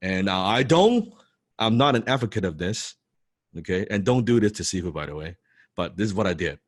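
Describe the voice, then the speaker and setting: A man telling a personal story to an audience, excitable and swearing freely, full of restarts and "right?" tags. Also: deep voice, a little fast, dry recording, clean studio sound. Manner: restarts and repeats words often. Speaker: motivational speaker telling his story. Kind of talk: animated storytelling talk.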